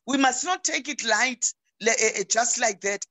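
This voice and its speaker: A woman's voice: a little high, moderate pace, pushed and bright. A middle-aged South African woman, a pastor speaking as a talk show guest over a video call, preaching emphatically and often repeating words as she restarts.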